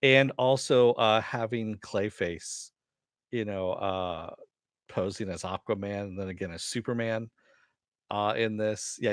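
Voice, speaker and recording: A man's voice: on the low side, fairly even intonation, measured pace, dry recording, clean studio sound. A man hosting a casual spoken review of a cartoon episode, rambling and laughing as he retells funny lines, with some cursing. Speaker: host reviewing animated episodes.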